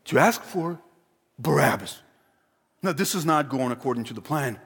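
A man preaching a sermon, emphatic and animated, acting out the voices in the story he retells. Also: medium pitch, normal speed, long pauses, husky. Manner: emphatic, animated, acts out quoted crowd and Pilate. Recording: long hall reverb.

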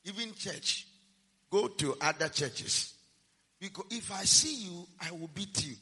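A pastor preaches with a very high, sharply bright and slightly husky voice. He swings from hushed asides to shouted emphasis. His words ring out with the long reverb of a big hall. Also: animated, unhurried. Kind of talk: sermon.

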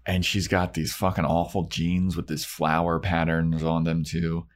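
A man co-hosting a podcast, recapping a TV episode in casual chat and acting out the characters' lines. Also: unhurried. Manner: animated recapper who acts out characters in high falsetto voices.

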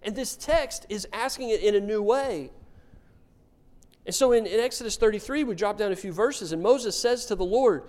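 Pastor, male, fairly high voice, lively storytelling sermon with dry jokes. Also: normal speed. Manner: animated storytelling with wry humor.

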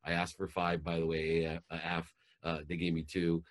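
A man's voice: low voice, completely flat delivery, moderate pace. A man in his forties, a life coach telling a motivational story in an intense, emphatic way.

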